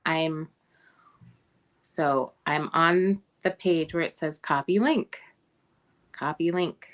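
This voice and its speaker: A woman's voice: deep voice, slow pace. A woman hosting a casual livestream chat, teasing her co-host and greeting viewers by name.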